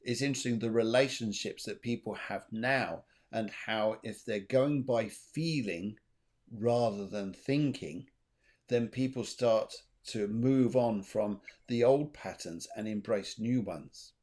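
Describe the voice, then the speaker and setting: A man's voice: lowish voice, slow, darkish tone. A man hosting a spiritual talk show, chatting earnestly and repeating his key phrases for emphasis. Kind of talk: casual chat.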